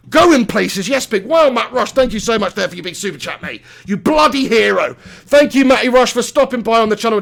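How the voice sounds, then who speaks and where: A man hosts a football fan live stream from a small home studio. His voice sits high and carries a gravelly rasp. He rants with passion, swears freely and breaks off to thank viewers by name. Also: fairly bright tone. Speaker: live-stream host reacting to a football match.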